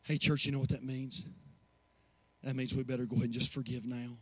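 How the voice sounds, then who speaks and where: A man preaching a sermon as pastor, building from low, quiet asides to impassioned shouts. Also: flat delivery, brisk, slightly rough.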